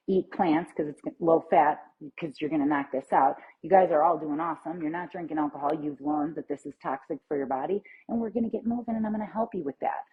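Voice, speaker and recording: On a live stream with dull lo-fi audio, a middle-aged plant-based nutrition coach delivers a chatty, upbeat pep talk. Her voice is lowish and husky.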